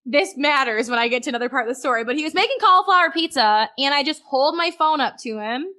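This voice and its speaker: A woman's voice: high-pitched, expressive, fast talker, sharp tone. A woman guest on a podcast, frankly telling a personal story in conversation and swearing freely.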